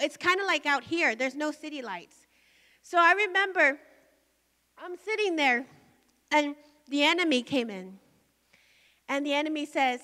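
Bright-voiced woman preaching in a hall. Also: sits high. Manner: emotional, storytelling with rising intensity. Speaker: pastor. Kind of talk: sermon testimony. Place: large hall at a conference. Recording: long hall reverb.

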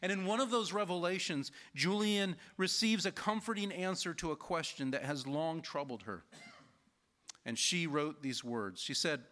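A man preaching an earnest sermon, taking his time and leaning on key phrases. His voice sits a little high and sounds bright and forward. He tells stories in a steady, deliberate way. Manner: measured, earnest preaching, slowing for emphasis. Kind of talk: sermon with storytelling.

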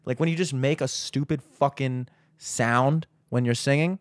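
A man's voice: mid-range voice, moderate pace, no room sound. A young man hosting a podcast, chatting casually in a rambling, profane, ranting way. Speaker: podcast host. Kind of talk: casual chat.

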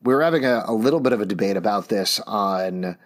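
A middle-aged man hosting a podcast, excitedly breaking down a movie trailer in casual chat. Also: lowish voice. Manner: enthusiastic, quick, animated asides. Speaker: podcast host. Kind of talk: casual pop-culture chat.

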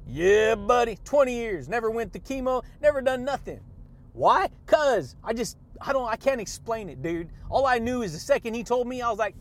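A man hosting a motivational podcast, talking excitably in a preachy, repetitive pep-talk manner and laughing often between catchphrases. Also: very high-pitched, moderate pace, a little hiss or hum. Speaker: podcast host.

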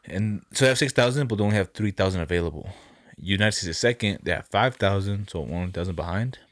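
A man's voice: fairly low pitch, animated, fast talker, dry recording, clean studio sound. A young man chatting casually on a podcast, slangy and laid-back, swearing freely. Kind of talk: casual chat.

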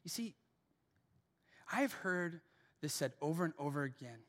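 A man preaching a sermon as pastor in a church, swinging from hushed lines to shouted peaks. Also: a little high, expressive, a little slow, in a large hall. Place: church auditorium.

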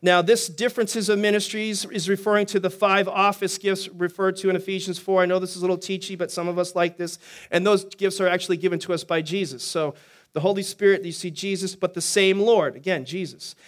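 A man preaching as a pastor, teaching quickly and energetically and throwing questions to the congregation. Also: sits high. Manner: energetic, talks fast, asks the congregation questions. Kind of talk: sermon teaching.

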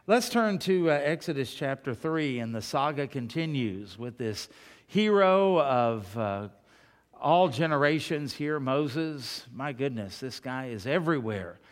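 A man's voice: mid-range voice, expressive, measured pace, long reverb tail. A male pastor giving a sermon in a folksy, chatty way, telling homespun stories and joking with the congregation.

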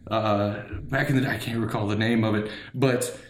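A man's voice: lowish voice, steady tone, moderate pace. A man co-hosting an improvised comedy podcast, telling made-up stories in a mock-serious, playful way. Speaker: podcast host. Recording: roomy echo with faint noise.

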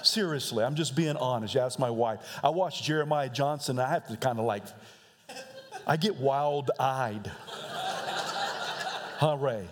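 Male pastor, sermon, casual joking delivery, middle pitch, long church-hall reverb. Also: measured pace, pauses often. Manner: joking, conversational, laughs often. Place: church sanctuary.

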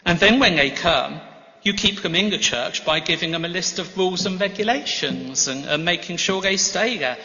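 A man preaches a sermon in a large church, with a bright, fairly high voice that rings out into a long hall reverb. He tells his stories gently, with self-deprecating humor, and the recording sounds a little dull and muffled. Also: animated, normal speed. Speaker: guest preacher.

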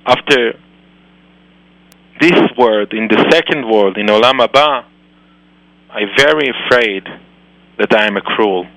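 Gentle scared schoolgirl done by a guy, bright clear tone, dry close sound. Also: mid-range voice, measured pace, pauses often, dry recording, pitched below the performer's own voice, poor audio. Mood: anguished. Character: remorseful young schoolgirl, gentle and frightened.

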